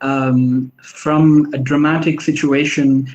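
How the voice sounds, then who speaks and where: A man giving an academic lecture on poetry in a thoughtful, halting way, with many fillers and restarts, slowing down to stress words. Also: mid-range voice, little pitch movement, a little mellow, lo-fi sound. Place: online workshop session.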